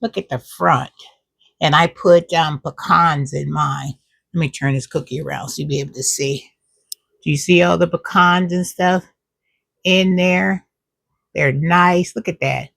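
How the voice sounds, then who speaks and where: A woman's voice: low-pitched, unhurried, gravelly, breathy edge, no echo, studio quality. A woman chatting casually to camera at home as a cooking and gardening vlogger, drawing out her words and calling viewers "child" and "y'all".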